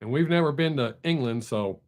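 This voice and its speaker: A man's voice: medium pitch, fairly quick. A middle-aged man, chatting loosely and profanely with viewers as a live-stream host. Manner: rambling, loose and profane, with frequent restarts. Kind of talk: casual live-stream chat.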